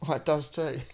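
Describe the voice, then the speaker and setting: An Australian man co-hosting a podcast in casual chat, swearing often and trailing off mid-sentence. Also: a little high. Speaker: podcast co-host.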